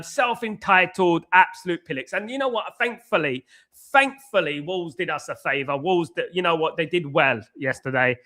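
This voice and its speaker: A man's voice: a little high, pushed and bright. A man hosting a live football watchalong from indoors at home, chatting in a loose, rambling way and often repeating "guys, absolutely". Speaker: livestream host.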